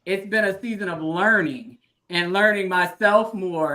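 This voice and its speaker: A woman's voice: mid-range voice, normal speed, bright, forceful tone. A woman hosting a casual live-stream chat, talking loosely and freestyling with frequent laughs. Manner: chatty, freestyling, laughs often. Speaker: host.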